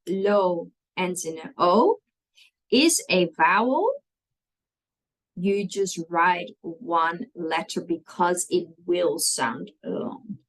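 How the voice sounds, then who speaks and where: Slow, patient woman. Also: on the low side, rough recording. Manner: patient, step-by-step, checks understanding with "okay?". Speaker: Dutch language teacher. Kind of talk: explaining spelling rules in a language lesson.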